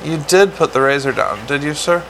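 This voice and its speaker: Butler figure, male reader voices him, soft deferential storybook voice, gravelly edge. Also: a little high, fairly quick, a little hiss or hum, rough recording. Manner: formal, deferential, quiet. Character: polite, unflappable male butler.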